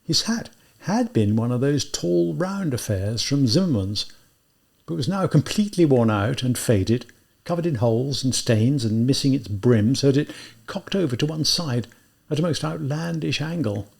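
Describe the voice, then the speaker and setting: A man reading a classic novel aloud as an audiobook, in measured, deliberate narration. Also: medium pitch, expressive, vocal fry, a little mellow, slightly rough. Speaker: audiobook reader. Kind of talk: scripted narration.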